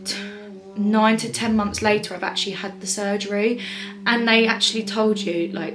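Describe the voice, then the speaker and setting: A woman's voice: mid-range voice, steady tone, moderate pace. A young woman telling a personal story to camera in a rambling, chatty way, full of fillers and restarts. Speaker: vlogger. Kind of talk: casual storytime monologue.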